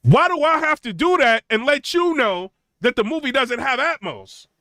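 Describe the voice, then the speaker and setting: A young man tells an animated story in a high, bright voice that keeps asking "right?" and "you know?". He talks casually with lots of fillers, and the sound is dry and close. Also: normal speed, no echo. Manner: acts out quotes of others in a raised, mocking pitch. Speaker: tech channel host.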